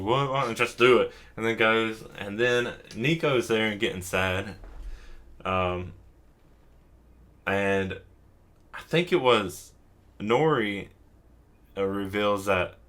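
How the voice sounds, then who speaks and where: A man's voice: lowish voice, a bit bright. A drunk young man hosting a casual anime recap, rambling with lots of fillers, swearing and chuckling. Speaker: host.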